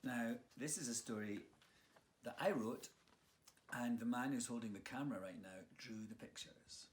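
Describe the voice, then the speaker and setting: A man's voice: mid-range voice, normal speed. A man reading his own picture book aloud to children, playful and engaging, with some whispered asides.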